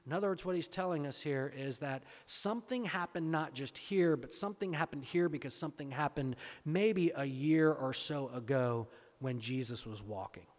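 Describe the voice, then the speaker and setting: A man with a fairly high voice delivers a sermon, posing questions to his listeners and driving points home through repetition. His words trail off into the long reverb of a big hall. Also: moderate pace. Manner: asks rhetorical questions and repeats phrases for emphasis. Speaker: pastor.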